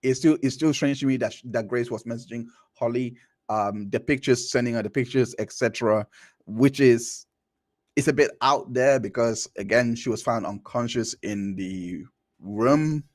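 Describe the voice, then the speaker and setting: A man's voice: medium pitch, normal speed, no echo, clean studio sound. A man hosting a live stream, reading through a court transcript and commenting in a casual, rambling way with many restarts. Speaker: stream host.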